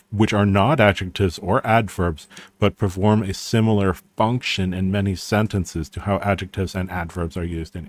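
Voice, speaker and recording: A man's voice: on the low side, dry recording. A man giving casual, rambling commentary as he reads through a language reference book, with frequent restarts and a wry tone.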